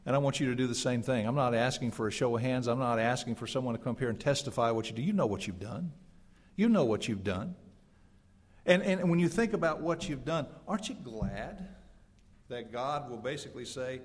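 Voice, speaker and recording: Emphatic preacher in a reverberant hall. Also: male voice, mid-range voice, slight background noise. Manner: dynamic, swings from loud emphatic to quiet and hushed; addresses congregation directly, rhetorical questions. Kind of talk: sermon. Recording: long reverb of a church hall.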